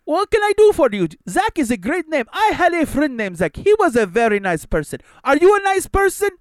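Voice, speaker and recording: A man doing a high singsong creepy phone agent. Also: big pitch swings, a little fast, no room sound, studio quality. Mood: prying. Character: creepy overly chatty male call-center agent.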